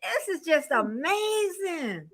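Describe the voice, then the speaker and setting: A woman's voice: extremely high pitch, very animated, slow pace, fairly bright tone. A woman in her sixties hosting a casual livestream celebration, effusive and emotional, often exclaiming and laughing. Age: 60s. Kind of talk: casual chat.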